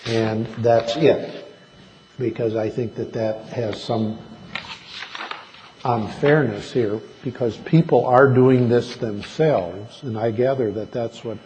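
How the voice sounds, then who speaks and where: A man serving as an appellate judge, speaking deliberately from the bench with halting restarts. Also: mid-range voice, warm tone. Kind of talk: courtroom oral argument remarks. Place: large courtroom. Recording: reverberant courtroom with faint noise.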